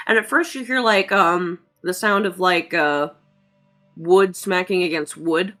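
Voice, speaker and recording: Woman running a tabletop game, bright tense voice, lots of ums and likes. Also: lowish voice, a little slow, faint music behind. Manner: chatty, many "um"s and "like"s. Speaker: game master.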